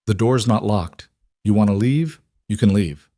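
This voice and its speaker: A man reading a story voices a quiet, steady frontier rancher who speaks flatly and calmly in few words. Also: on the low side, unhurried, no echo, clean studio sound, natural voice. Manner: flat, calm, few words.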